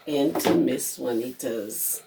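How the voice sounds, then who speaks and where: A hoarse woman who teaches preschool, reading a picture book aloud to young children and stopping to explain words. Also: very deep voice, slow pace, background noise. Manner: explains words to small children as she reads. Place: her home.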